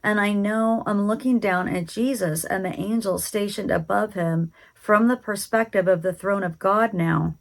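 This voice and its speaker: Hushed reverent woman with gravelly fry. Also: medium pitch, steady tone, normal speed, hardly any pauses. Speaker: speaker recounting a spiritual vision. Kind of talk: present-tense vision narration.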